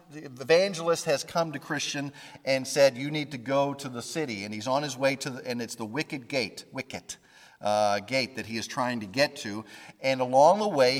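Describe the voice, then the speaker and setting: A man giving a conversational Bible lesson, informal and halting, often stopping to restart his sentences. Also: medium pitch, big-room sound. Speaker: Bible teacher.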